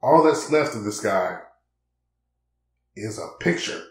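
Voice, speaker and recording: A man's voice: fairly low pitch, animated, slow pace, echoey room. A man in a blunt, preachy casual monologue, peppering his talk with "man" and acting out quoted conversations. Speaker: vlogger.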